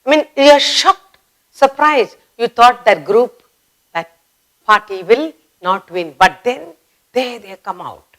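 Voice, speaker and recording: A woman's voice: medium pitch, animated, fairly bright tone, poor audio. A woman with an Indian English accent teaching a grammar lesson for children, acting out example exclamations. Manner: slow, acts out example exclamations.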